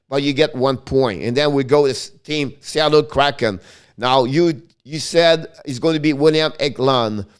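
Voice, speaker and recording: A middle-aged man hosting a casual live hockey stream, talking excitably and often restarting and correcting himself. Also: fairly high pitch, clear, resonant tone.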